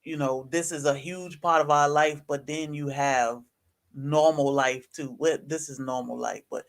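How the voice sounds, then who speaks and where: A man hosts a homesteading livestream, his voice a little high. He explains things to viewers in a relaxed, easy way. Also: unhurried, gravelly. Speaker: homesteading channel host. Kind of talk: casual livestream talk.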